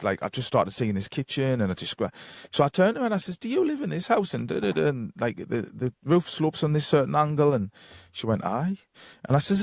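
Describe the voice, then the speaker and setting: Speaking in a mid-range voice, this guest psychic medium has a Geordie accent from North East England. On the podcast he spins long casual stories full of fillers and quoted dialogue, rambling as he goes. The sound is dry and studio-clean.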